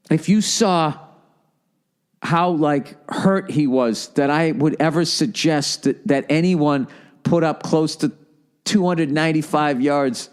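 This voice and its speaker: A middle-aged man with a Boston accent hosting a podcast, telling a comedic story with swearing and acting out other people. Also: clear, resonant tone. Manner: profane, animated, acts out quoted people in higher voices. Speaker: podcast host.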